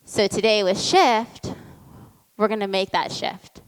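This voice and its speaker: A woman giving a motivational talk and telling a family story in a lively way. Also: medium pitch, a little slow, clear, resonant tone. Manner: lively storytelling, acts out the voices in quotes. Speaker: motivational speaker. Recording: long hall reverb.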